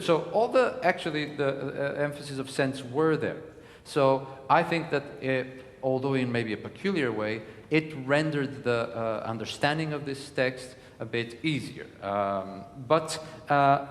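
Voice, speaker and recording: A man delivers a live lecture in a hall, halting often with fillers and restarts. His voice sits at a middle pitch, and a long reverb trails behind it. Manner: hesitant, many fillers and restarts. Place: concert hall.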